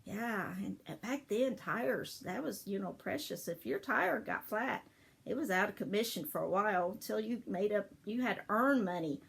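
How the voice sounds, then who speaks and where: A woman's voice: mid-range voice, expressive, normal speed, vocal fry, slightly rough. An older woman telling childhood family stories in a casual, rambling way, laughing often as she remembers. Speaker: storyteller. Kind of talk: casual memorial storytelling.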